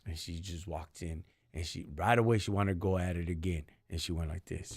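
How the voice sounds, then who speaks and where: A man's voice: deep voice, fairly even intonation, fairly quick, few pauses, slightly rough, dry recording, clean studio sound. A man hosting a live stream, telling stories in a slangy, casual and earnest way. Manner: slangy and street-casual, often says "dog" and "homie"; earnest, faith-focused. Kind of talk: casual storytelling chat.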